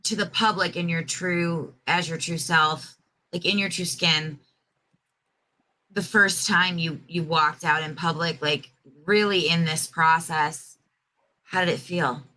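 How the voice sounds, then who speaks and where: A woman's voice: on the low side, steady tone, a little slow, bright, forceful tone, low-quality recording. A woman co-host asking long, rambling, self-correcting questions in a casual interview.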